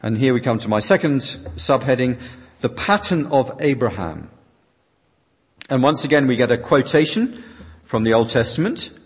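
A man's voice: medium pitch, big pitch swings, moderate pace, breathy edge. A man preaching a sermon that is interpreted line by line, reading his quotations out dramatically. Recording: long reverb of a large hall.

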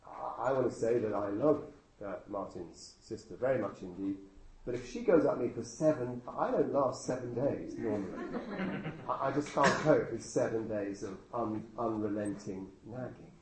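A man's voice: medium pitch, normal speed, a little mellow. A man preaching a sermon in a conversational way, full of rhetorical questions and dry humor. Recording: echoey room with faint noise.

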